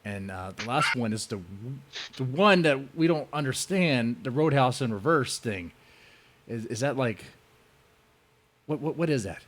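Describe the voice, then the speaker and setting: A male podcast host chatting loosely with his co-hosts. He laughs often and repeats himself as he stumbles through his sentences, and his voice sits at a middling pitch. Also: animated, measured pace, fairly bright tone, slight background noise. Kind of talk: casual comedic chat.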